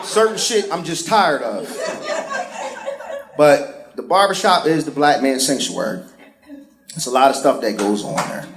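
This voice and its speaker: A man doing a stand-up set, a barber telling exasperated, profane stories to a live audience on stage. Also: on the high side. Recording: echoey room.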